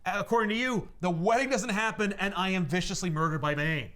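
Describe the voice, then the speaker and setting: A man voicing a kindly older male butler who speaks slowly and tenderly, retelling a comic scene. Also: sits high, voice pushed up.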